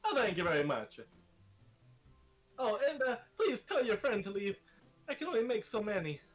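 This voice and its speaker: A pushy, chirpy bakery owner with a hammy fake Italian accent, as a man puts him on, pitched well up and bouncing around in a singsong lilt. He rattles off his sales patter with eager cheer in a tabletop game. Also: big pitch swings, normal speed, soft background music.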